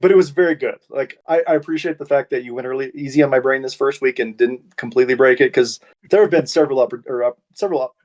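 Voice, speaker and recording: A man co-hosting a casual podcast chat, amused and quick to laugh and react. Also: mid-range voice, darkish tone. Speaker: podcast co-host.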